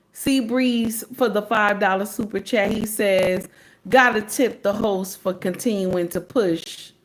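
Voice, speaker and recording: A woman's voice: mid-range voice, a little hiss or hum. A woman hosting a livestream, reacting to clips in sassy, preachy casual commentary and repeating lines for emphasis.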